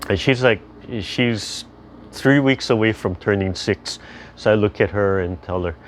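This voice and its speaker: An older man leading a tai chi class over a video call, chatty and gentle as he rambles through stories and calm instructions. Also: fairly low pitch, a little slow, slight background noise.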